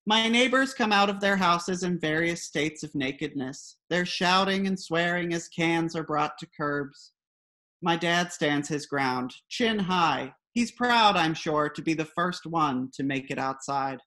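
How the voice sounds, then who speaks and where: A woman's voice: lowish voice, unhurried, a bit bright. A woman reading her own comic personal essay aloud in a wry, dry storytelling manner.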